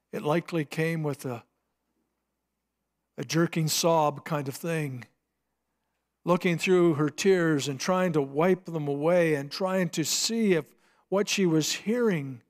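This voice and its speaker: A man preaching a sermon, retelling a scripture scene dramatically, swinging between hushed and emphatic delivery. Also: fairly high pitch. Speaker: pastor.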